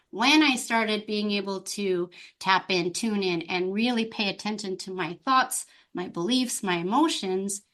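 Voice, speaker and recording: Here is an open, bubbly woman speaking as a guest on a podcast. She is a life coach, and her voice sits at an ordinary middle pitch for a woman. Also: fairly bright tone. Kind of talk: podcast interview.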